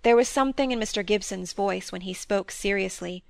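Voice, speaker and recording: A woman reading a classic novel aloud as an audiobook narrator, in a measured storytelling manner. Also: medium pitch, gravelly, dry recording. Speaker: audiobook reader. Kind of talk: scripted narration.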